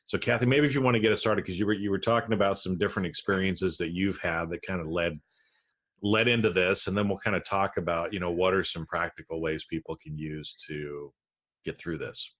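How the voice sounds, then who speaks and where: Laid-back podcast host guy, really low voice, casual chat. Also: steady tone, a little fast, a bit bright. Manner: easygoing, many fillers and restarts.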